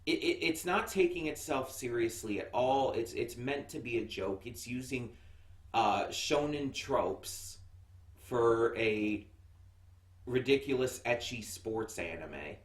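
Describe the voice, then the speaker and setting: A man's voice: mid-range voice, expressive, slow. An American man giving a casual anime review, chatty and rambling with lots of fillers and restarts. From United States. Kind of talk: casual first-impressions review. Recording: echoey room, mic set far off.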